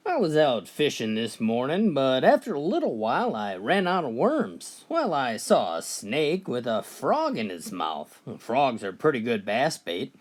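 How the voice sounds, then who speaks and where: A man's voice: medium pitch, wildly swooping pitch, unhurried, few pauses. A man telling jokes in a folksy storytelling style, often opening his lines with "well.". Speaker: joke teller. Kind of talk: told jokes, comic storytelling.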